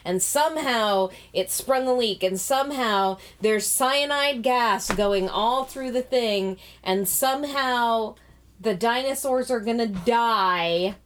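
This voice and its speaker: A woman's voice: fairly high pitch, slow. A woman in a casual chat, reviewing a movie in an exasperated, scathing and sarcastic way.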